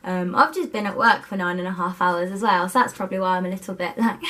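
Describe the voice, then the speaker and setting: A woman's voice: on the low side, fairly quick, bright, forceful tone. A young woman vlogging about books to her camera at her student home, bubbly and overexcited. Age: young adult. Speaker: book vlogger. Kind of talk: casual chat to camera. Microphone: camera set up by herself.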